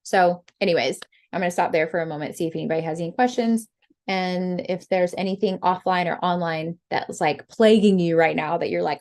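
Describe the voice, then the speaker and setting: A young woman giving lively, chatty sales coaching on a group call, acting out bits of dialogue. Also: lowish voice, fairly quick. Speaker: sales trainer.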